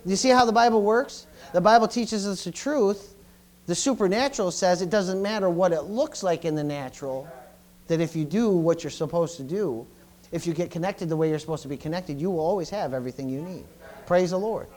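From the pulpit, a middle-aged pastor preaches a little fast, his voice pitched slightly higher than most men's. His sermon is full of stumbles and repeated words, lurching from loud outbursts to quiet asides.

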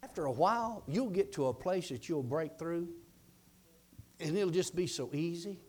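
Folksy preacher man, lively pitch. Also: moderate pace. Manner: folksy, rambling, quotes others in a hushed voice. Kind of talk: sermon storytelling.

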